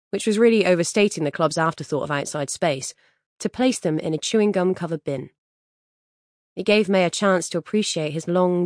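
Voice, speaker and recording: A woman reading a novel aloud in a measured, even storyteller's manner. Her voice is on the low side and the sound is dry and close to the mic. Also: no room sound. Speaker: audiobook narrator. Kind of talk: scripted narration.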